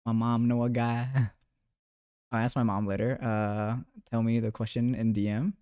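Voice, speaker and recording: A man's voice: mid-range voice, little pitch movement, a little slow, warm tone, clear, resonant tone, dry recording, studio quality. A young man live streaming, chatting loosely with viewers while gaming, laughing a lot and swearing now and then.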